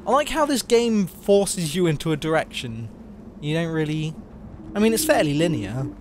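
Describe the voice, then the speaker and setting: A man's voice: fairly high pitch, big pitch swings, moderate pace, background noise. A young man talking casually and swearing while playing a game, joking and rambling. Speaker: let's play host. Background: game music.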